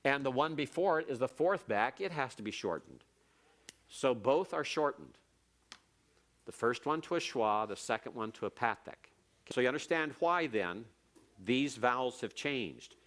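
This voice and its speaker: A man's voice: medium pitch, animated, normal speed, a bit bright. A man teaching Hebrew grammar in a classroom lecture, explaining patiently step by step and repeating key points.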